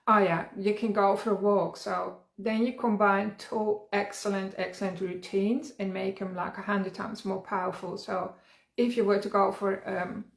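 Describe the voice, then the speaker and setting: A middle-aged woman giving an earnest, encouraging self-help workshop talk as a wellness coach, often trailing off quietly. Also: mid-range voice. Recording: roomy echo.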